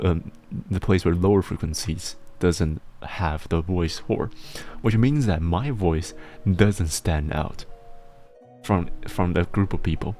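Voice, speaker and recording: A man streaming casually with a deep bass voice, relaxed and often chuckling, talking in fits and restarts. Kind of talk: casual chat with chat readers.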